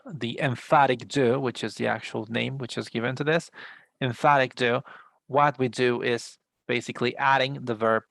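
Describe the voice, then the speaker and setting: A man with a gravelly, creaky voice walks his students through an English lesson on a video call. His speech is dry and close, with no room sound. He explains patiently, restarting sentences and filling pauses as he goes. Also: medium pitch, steady tone, fairly bright tone, no room sound. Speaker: English teacher. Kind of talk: online class instructions.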